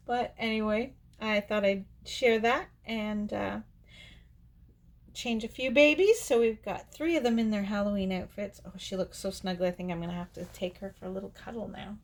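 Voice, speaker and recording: A woman vlogger talks to her camera in a loose, rambling way. She laughs often and restarts her sentences as she goes, like someone chatting with friends. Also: mid-range voice. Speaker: doll artist and channel host. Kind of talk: casual storytelling to camera.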